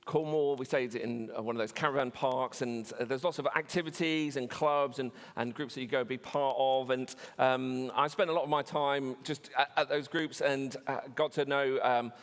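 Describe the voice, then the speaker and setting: A man's voice: medium pitch, fairly even intonation, moderate pace, hardly any pauses. A man preaching a sermon in a chatty, storytelling way, with many fillers and restarts. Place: church. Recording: church hall reverb.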